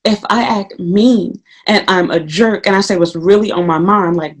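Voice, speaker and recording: Woman, casual vlogger, profane and animated, medium-pitched voice, acts out her own lines. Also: brisk, hardly any pauses, husky. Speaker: English teacher in Japan. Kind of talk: casual venting vlog.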